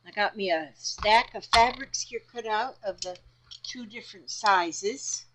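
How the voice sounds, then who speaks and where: This is a woman in a casual crafting vlog, musing over her fabric pieces in an unhurried, rambling way. She speaks at a leisurely pace in a mid-range voice. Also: mid-range voice, fairly bright tone, low-quality recording. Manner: chatty, rambling, talks to herself about her fabric. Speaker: crafting vlogger.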